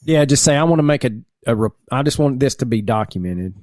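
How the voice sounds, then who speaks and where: A man co-hosting a podcast, chiming in with loud, emphatic remarks. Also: medium pitch, expressive, fast, no echo, studio quality. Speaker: podcast co-host. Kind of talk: casual chat.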